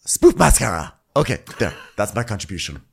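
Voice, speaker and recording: A man's voice: fairly low pitch, sing-song, fairly quick, gravelly, breathy edge. A man co-hosting a comedic TV recap podcast, joking and rambling. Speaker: podcast co-host.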